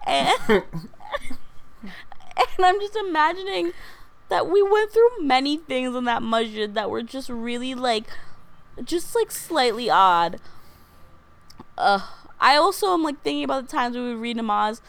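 A woman's voice: high voice, lively intonation, unhurried, long pauses. A young woman co-hosting a podcast, telling funny stories in a casual chat and often laughing through her words. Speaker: podcast co-host.

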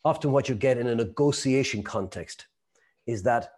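A man's voice: mid-range voice, normal speed, darkish tone. A man in middle age runs a sales training session. He talks in a chatty, storytelling way, laughs along as he goes, and slips into little acted voices for the people he quotes. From Ireland. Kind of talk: lecture to a live group.

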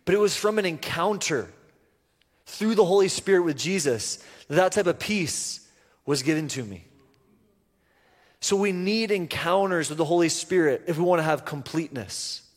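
A man preaching a sermon, telling a personal story earnestly with halting restarts. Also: a little high, animated. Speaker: pastor. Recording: reverberant church hall.

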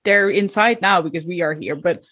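A woman's voice: lowish voice, normal speed, a bit bright, slightly rough. A woman voicing a flustered middle-aged male potato farmer in a tabletop role-play, stammering and evasive. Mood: defensive.

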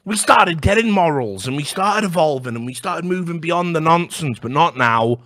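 A man rants on his podcast in a mocking, comic way. He swears freely and stumbles into restarts. His voice is bright and forceful and swoops all over the place. It sounds close and dry. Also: a little high, expressive, normal speed, no echo. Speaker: podcast host. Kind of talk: comedic rant.

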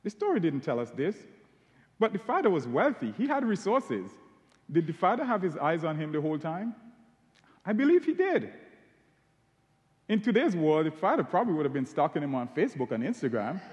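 A man's voice: on the high side, big pitch swings, brisk, long pauses, darkish tone. Emphatic male preacher in a reverberant hall. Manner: emphatic, stretching key words for stress. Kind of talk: sermon.

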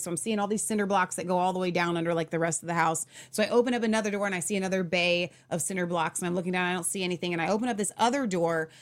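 A woman hosting a show, telling a story in a casual, earnest, conversational way and correcting herself as she goes. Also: on the low side. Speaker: show host.

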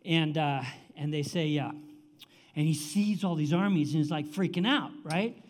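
A man's voice: a little high, moderate pace. A man in his seventies preaching a sermon in a conversational, exclamatory way, with casual asides. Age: 70s. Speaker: pastor.

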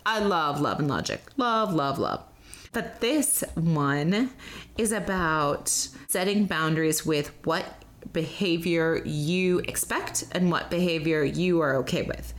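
A woman hosting a parenting podcast, talking in a casual, upbeat way and sometimes slowing down or going soft for emphasis. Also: deep voice. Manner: upbeat, chatty, slows down for emphasis. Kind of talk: casual solo podcast talk.

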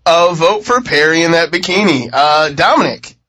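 A man hosting a casual podcast panel, leading the votes and thinking out loud. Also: fairly high pitch, lively intonation, normal speed. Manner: leads the votes, muses aloud. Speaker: podcast host.

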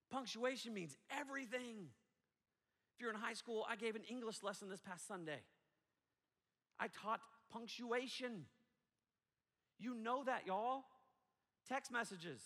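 A man preaching a sermon in a casual, animated way, breaking into asides and acting out quotes, heard in an echoey hall. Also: extremely high pitch. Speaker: pastor.

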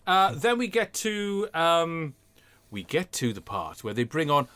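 A man chats and jokes in a lively, sweary way, full of mock outrage. His voice sits a little high and swings widely in pitch as he tells the story. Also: a little slow. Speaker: podcast co-host. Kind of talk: casual comedic chat reviewing an old TV show.

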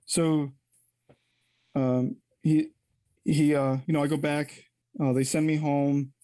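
A man's voice: a little high, flat delivery, slow, warm tone, dry recording. A man telling a personal story as an interview guest, candid and rambling, often correcting himself mid-sentence.

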